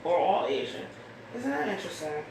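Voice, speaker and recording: A woman's voice: fairly low pitch, big pitch swings, moderate pace, creaky, a little mellow. A woman hosting her own show, chatting casually and rambling as she reads out mail she has been sent. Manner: rambling, chatty, thinks aloud. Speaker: host. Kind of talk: casual solo chat, reading out mail. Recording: echoey room, far from mic, faint hiss.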